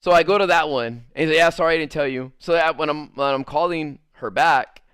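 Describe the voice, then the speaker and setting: Young male streamer, casual rambling storyteller, slightly high, clear smooth tone. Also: brisk, no echo, clean studio sound. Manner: rambling, animated, full of "like" fillers. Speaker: livestreamer.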